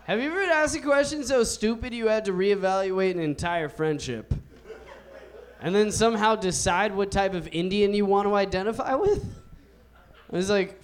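High-voiced young male stand-up comic. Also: expressive, moderate pace. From United States. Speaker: stand-up comedian. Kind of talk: stand-up comedy set.

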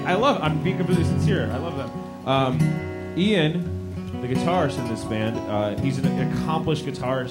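Male emcee, chatty host introducing acts, loud guitar music over a live stage mic. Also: mid-range voice. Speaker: show host. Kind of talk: emceeing a live comedy show.

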